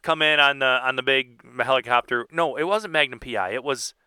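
A man co-hosting a casual chat show, joking and throwing in quick asides. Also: medium pitch, pushed and bright, clear, resonant tone, no echo, clean studio sound. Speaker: podcast co-host. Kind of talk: casual banter.

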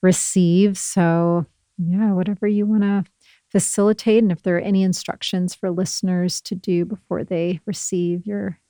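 A woman hosts a podcast in a slightly low voice, with a close, dry studio sound. She talks in a gushing, affirming way, full of spiritual phrasing. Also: level tone, moderate pace, dark tone, no room sound. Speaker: podcast host. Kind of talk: casual interview chat. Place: recording studio.

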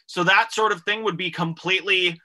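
A male podcast co-host with a high, very bright voice. He poses rambling, filler-heavy questions to a panel of comedians in a casual chat. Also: fairly even intonation, a little fast. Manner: long, winding questions with many fillers.

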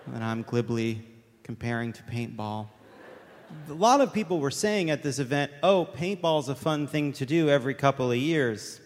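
Slow-talking man ranting comically. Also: fairly high pitch. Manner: rambling, self-mocking, profane. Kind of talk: comic rant on a talk show. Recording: reverberant hall, faint room noise.

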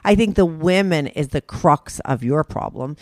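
A woman's voice: deep voice, expressive, normal speed, a little mellow, dry recording, clean studio sound. Woman giving frank, direct advice. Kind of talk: candid conversation.

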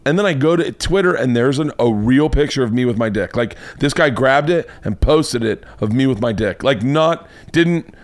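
A man with a mid-pitched voice hosts a comedy podcast, telling stories as a casual, profane monologue. When he gets carried away, his voice climbs sharply and gets more animated, then drops back to an easy conversational tone. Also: moderate pace, few pauses, dry recording. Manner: animated storytelling, swears freely, voice jumps higher when excited. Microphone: podcast mic.

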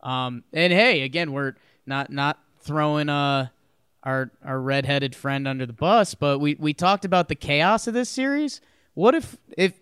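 Smooth-voiced man ranting about sports. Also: fairly high pitch, a bit bright, no echo, clean studio sound. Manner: emphatic, rants in long run-on sentences. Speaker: podcast co-host. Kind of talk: casual sports chat.

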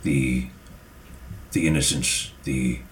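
A man voicing a solemn tortle warrior in a tabletop game, speaking slowly and humming as he muses. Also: extremely low pitch, steady tone, slight background noise. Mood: ponderous. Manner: slow, pausing, with musing hums. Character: slow, deep-voiced tortle warrior, male, solemn.

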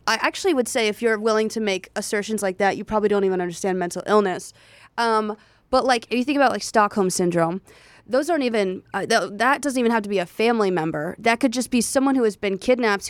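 A woman's voice: medium pitch, smooth, no room sound. A young woman co-hosting a podcast, talking bluntly and casually with swearing and fillers. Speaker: podcast co-host. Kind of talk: casual chat.

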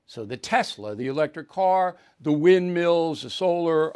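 A man's voice: on the high side, lively intonation, measured pace, a little mellow, smooth. A man hosting a political talk show, delivering an opinionated monologue in a conversational, emphatic way and checking in with the audience often. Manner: emphatic, conversational, asks "right?" and "okay?" often.

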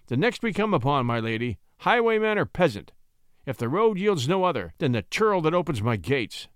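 A man voicing an arrogant, venomous French nobleman who sneers and booms his commands. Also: big pitch swings, moderate pace, clean tone, dry recording, clean studio sound. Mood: booming, commanding. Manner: sneering, booming, contemptuous.

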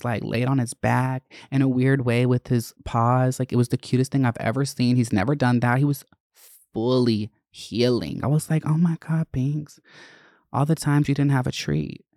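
A woman's voice: very deep voice, mellow, no room sound, clean studio sound. A woman hosting a podcast in casual chat, rambling and swearing, with lots of "like" and "you know". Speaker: podcast host.

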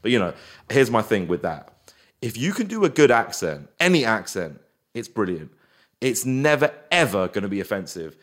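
Animated man in casual chat. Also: lowish voice. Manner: animated, slips into quick impressions and voices. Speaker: guest.

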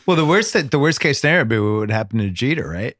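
A man's voice: medium pitch, expressive, quick pace, a bit bright, dry recording, studio quality. A man hosting a sports podcast, reading an ad and chatting in an easygoing way with his guests. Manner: easygoing, conversational. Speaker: podcast host. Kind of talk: casual chat and host-read ad.

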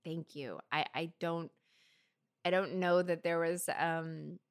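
Chatty woman with a lowish voice. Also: fairly even intonation, takes it slowly, smooth. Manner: chatty, laughs often, many fillers. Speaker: podcast co-host. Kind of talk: casual chat.

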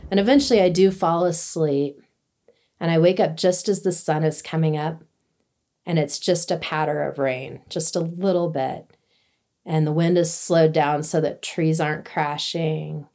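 A woman telling a personal story in a casual, lively way, laughing now and then and acting out what was said. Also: sits low, unhurried. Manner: lively, laughs while telling, acts out quotes. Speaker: interviewee telling a hiking story.

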